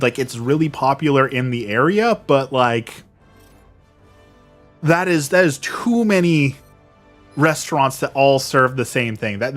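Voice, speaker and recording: A man hosting a gaming video, telling a casual rambling story and repeating his words as he goes. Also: on the high side. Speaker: gaming channel host. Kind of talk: casual story time over gameplay.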